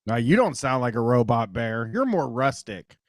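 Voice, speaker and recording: A Midwestern American man hosts a call-in show in a loose, rambling way, cursing casually and breaking into laughs. His voice sits at an ordinary middle pitch. The sound is close and dry, with no room around it. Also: big pitch swings, moderate pace, no room sound. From Columbus, Ohio, US Midwest. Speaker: radio call-in host. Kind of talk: casual radio talk show chat.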